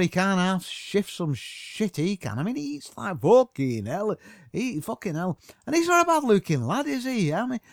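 Guy ranting and cursing nonstop, kinda high voice, bouncy. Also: no echo, studio quality. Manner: swearing constantly, mocking, rambling. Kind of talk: profane comic rant.

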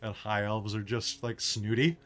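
A young man narrating as game master of a tabletop game, relaxed and rambling with self-mocking asides. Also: fairly low pitch, a little slow.

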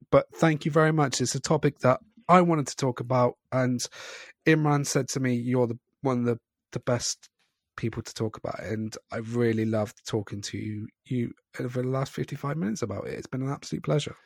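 A man's voice: medium pitch, fairly even intonation, brisk, no echo, studio quality. A British man hosting a podcast, chatting casually and rambling with apologetic digressions. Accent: British English. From Britain. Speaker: podcast host.

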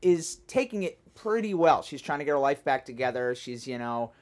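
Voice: mid-range voice, animated, normal speed. A speaker in a casual film chat who explains points step by step.

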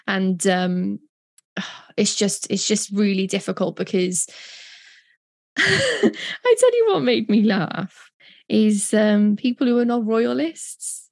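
A woman's voice: mid-range voice, big pitch swings, slow, gravelly, long pauses, darkish tone, no echo, clean studio sound. Emotional woman co-hosting a podcast. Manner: emotional, heartfelt, rambling. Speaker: podcast co-host. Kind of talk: casual chat.

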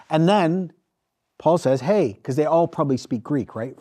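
A male pastor preaching a sermon, telling a story with emphatic, animated delivery. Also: on the high side, normal speed, husky.

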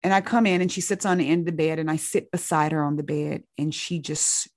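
Low woman, earnest storyteller, dry close sound, physician recounting a patient. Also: fairly even intonation, quick pace, dry recording. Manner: earnest, searching, with many restarts. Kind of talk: reflective storytelling.

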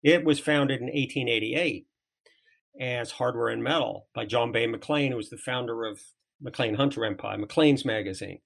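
Guesting on a podcast, a former trade magazine editor from England recounts stories in a southern English accent. His voice is medium-pitched, a bit bright, and carries vocal fry at normal speed, while his rambling speech is full of restarts and fillers.

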